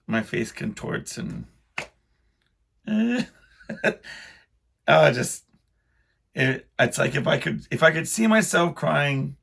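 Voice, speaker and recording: A middle-aged man hosting a podcast, rambling through a casual solo monologue in a self-deprecating way, full of halting restarts. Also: mid-range voice, gravelly, fairly bright tone, breathy edge. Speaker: podcast host.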